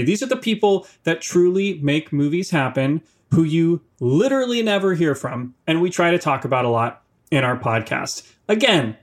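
A man co-hosting a film podcast in casual chat, wry and joking, and he laughs often. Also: on the high side. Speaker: podcast co-host.

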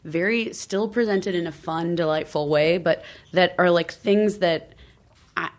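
A young adult woman chatting casually as a guest, playful and quick with asides and laughing often. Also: on the low side. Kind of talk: casual chat.

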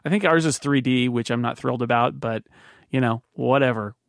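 Casting: relaxed male podcast host, mid pitch, dry close mic, loose and halting delivery. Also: creaky, no room sound. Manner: easygoing, halting with restarts. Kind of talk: casual chat.

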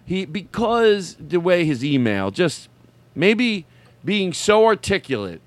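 Excitable, rambling man hosting a comedy podcast. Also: high-pitched, slow, no echo. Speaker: podcast host. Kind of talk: casual comedy podcast chat.

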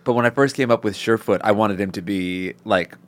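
A man's voice: on the low side, a little fast, a bit bright. A man co-hosting a podcast in casual chat, rambling with lots of fillers. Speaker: podcast co-host.

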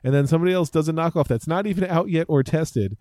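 A man's voice: a little high, quick pace, warm tone. A man co-hosting a podcast, chatting casually and rambling with restarts and jokes. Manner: rambling, self-interrupting, jokey. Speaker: podcast co-host. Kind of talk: casual tech chat.

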